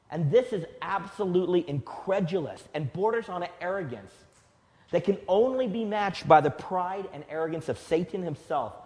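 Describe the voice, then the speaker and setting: A man preaching a sermon as pastor, emphatic, slowing down to stress key phrases. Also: on the high side. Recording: long hall reverb.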